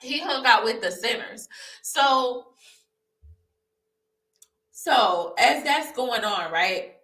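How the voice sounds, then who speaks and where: A woman's voice: on the high side, lively intonation, drawn-out words, sharp tone, distant mic. A young woman fervently telling her personal testimony to camera, speaking to viewers as y'all and repeating phrases for emphasis. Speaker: vlogger sharing her testimony. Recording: echoey room, voice off-mic.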